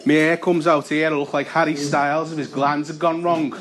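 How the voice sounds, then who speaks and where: A young man doing a stand-up comedy set, deadpan, breaking into loud character voices. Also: fairly high pitch, brisk, over loud music. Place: comedy club with audience laughter. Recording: live gig with audible noise.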